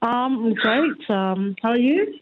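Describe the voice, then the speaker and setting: A woman's voice: on the high side, expressive, a little slow. A woman manager on the phone, flustered and dismayed. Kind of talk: phone call to radio show. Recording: tinny phone line.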